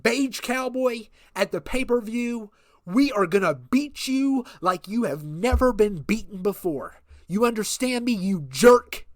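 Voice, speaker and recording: A man playing a boastful male wrestling manager who cuts a loud, pompous, taunting promo. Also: high-pitched, expressive, a little slow, no echo. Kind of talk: wrestling promo role-play.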